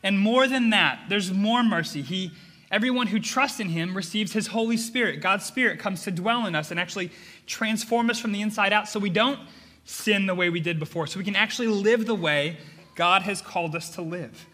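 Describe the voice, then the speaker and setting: A man delivers a sermon with earnest, emphatic conviction, circling back on phrases to drive them home. His voice sits high and sounds bright and ringing. The words trail off into the long reverb of a large church hall. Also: moderate pace. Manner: earnest, emphatic preaching with repetitions. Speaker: pastor.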